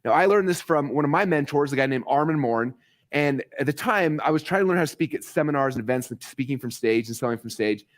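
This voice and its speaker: A man in his forties teaching a live online masterclass, talking straight to his viewers and acting out quick quotes with excitement. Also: fairly high pitch. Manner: fast, excited, talks to the audience directly, acts out quotes. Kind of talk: energetic live-stream teaching.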